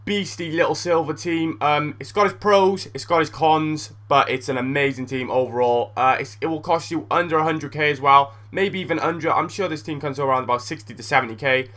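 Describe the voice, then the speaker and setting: A young man giving casual gameplay commentary as a gaming YouTuber, blunt and excitable, swearing freely. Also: on the high side, fairly quick, hardly any pauses.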